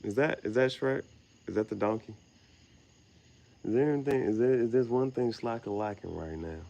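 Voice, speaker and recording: A man's voice: mid-range voice, normal speed, gravelly, a little mellow, lo-fi sound. A young man rambling casually outdoors at night, slangy and meandering, laughing at his own words. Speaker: vlogger. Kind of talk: rambling late-night monologue.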